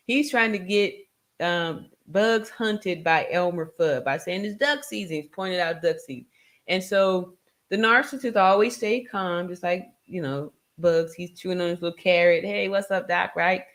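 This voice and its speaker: Chatty low-voiced woman commentator. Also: a little slow, fairly bright tone. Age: middle-aged. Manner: chatty, laughs often, lots of rhetorical "right?". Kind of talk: casual monologue.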